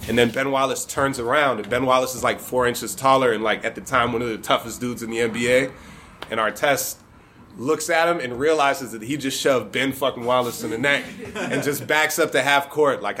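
A man's voice: medium pitch, steady tone, normal speed, sharp tone, slight background noise. A man from Michigan telling a personal story live, in a conversational, amused way with casual swearing.

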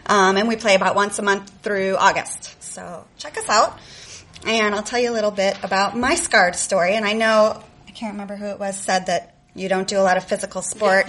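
A woman's voice: medium pitch, a bit bright. A woman from the South Side of Chicago telling a personal story on stage at a live show, sarcastic and profane with lots of energy.

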